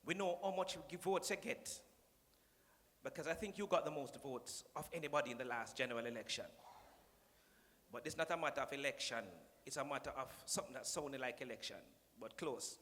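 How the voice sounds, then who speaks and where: In a big conference hall with long reverb, a man speaks at medium pitch, a little fast and a bit bright, over a faint hiss or hum. He has a Jamaican accent and ribs the minister from the podium in a playful, joking speech, lapsing into patois.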